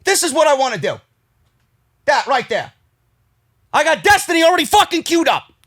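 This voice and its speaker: A man with a New York accent ranting furiously and profanely as he reviews a wrestling show, swinging between shouting and tired grumbling. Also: very high voice, big pitch swings, normal speed.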